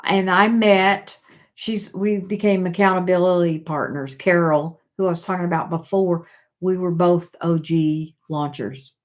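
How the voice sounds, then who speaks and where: A woman's voice: on the low side, steady tone, measured pace. A middle-aged woman hosting a casual live chat, rambling and reading viewer comments aloud.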